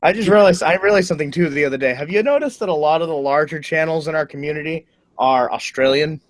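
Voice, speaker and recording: A man's voice: a little high, quick pace, no room sound. A man chatting on a group livestream, teasing the others and laughing easily. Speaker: livestream guest. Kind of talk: casual group livestream chat.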